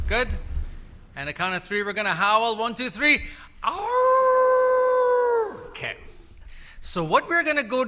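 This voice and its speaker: High bright-voiced male emcee calling games. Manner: calls out instructions to a crowd, sometimes shouting. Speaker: event emcee. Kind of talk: leading a crowd game at a summit. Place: large indoor event hall.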